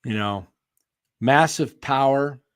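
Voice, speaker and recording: Slow, opinionated man with a fraying voice. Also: mid-range voice, clean tone, no echo, clean studio sound. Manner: opinionated, answers chat by name, rambling restarts. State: losing his voice, clearing throat. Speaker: sports show host. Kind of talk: casual live-stream commentary.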